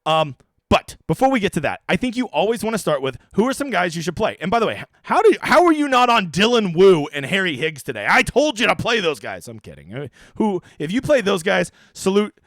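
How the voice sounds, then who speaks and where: A man talks through fantasy golf picks and contest choices in a loose, profane, casual way, full of quick asides. His voice sits a little high and he talks very fast. The sound is dry and close, with no room around it. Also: very animated, fairly bright tone, dry recording. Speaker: fantasy golf strategy host. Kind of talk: casual screen-share breakdown.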